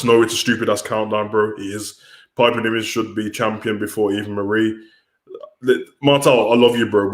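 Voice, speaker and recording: A man hosting a livestream, ranting bluntly and casually with many restarts. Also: on the low side. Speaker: wrestling commentator and livestream host. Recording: roomy echo.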